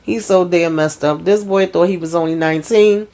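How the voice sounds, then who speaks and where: A woman's voice: fairly low pitch, normal speed, dark tone. A woman recapping a TV episode in a casual, chatty way. She is blunt and swears freely, and she talks straight to her viewers. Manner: chatty, blunt and profane, addressing viewers as "y'all".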